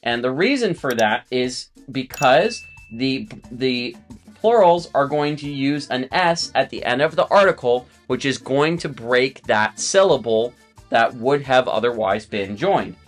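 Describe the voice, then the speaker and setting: A man's voice: mid-range voice, lively intonation, measured pace, soft background music. A man teaching a language lesson to viewers in a chatty, explanatory way, with friendly asides and repeated words.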